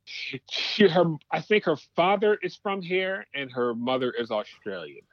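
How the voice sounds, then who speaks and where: A man's voice: fairly high pitch, big pitch swings, a little slow, background noise. Wry male co-host on a dull line. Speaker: podcast co-host. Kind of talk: casual chat.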